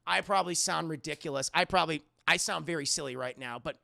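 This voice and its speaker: A man acting out an overjoyed middle-aged woman friend who gushes, giggles and apologizes, in a high, gravelly voice. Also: fast talker, sharp tone, no echo, clean studio sound, exaggerated voice. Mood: gushing.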